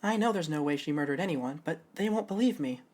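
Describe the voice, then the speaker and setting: A man's voice: fairly high pitch, animated, fast, darkish tone, close to an everyday voice. A man voicing a perky young woman who performs in an aquarium pirate show, full of fish puns and pleading for help. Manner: bubbly, pun-filled, pleading.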